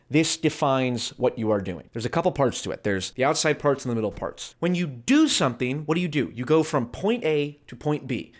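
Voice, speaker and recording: A man hosting a sarcastic, energetic explainer video. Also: mid-range voice. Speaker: commentary vlogger.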